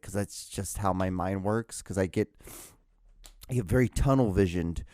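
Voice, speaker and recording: A man's voice: low-pitched, lively intonation, moderate pace, warm tone, dry recording, clean studio sound. A young man hosting a solo podcast, rambling casually with lots of swearing, restarts and self-mocking asides. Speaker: podcast host.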